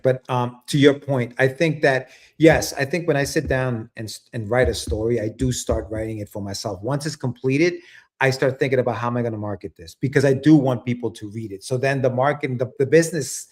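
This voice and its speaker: A man's voice: medium pitch, brisk, darkish tone. A man hosting a casual interview, talking through his thoughts with frequent restarts. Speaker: host.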